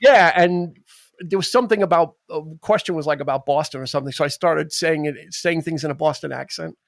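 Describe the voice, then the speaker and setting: A man's voice: fairly high pitch, brisk, creaky, no echo, clean studio sound. A man co-hosting a podcast in a jokey, casual way, often trailing off or restarting. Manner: jokey, talks over others and trails off. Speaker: podcast co-host. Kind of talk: casual chat.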